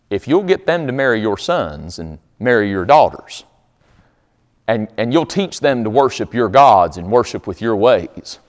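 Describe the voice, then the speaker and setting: A man's voice: mid-range voice, a bit bright. A man voicing a greedy, scheming prophet in a sermon story, folksy and wheedling. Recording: long hall reverb.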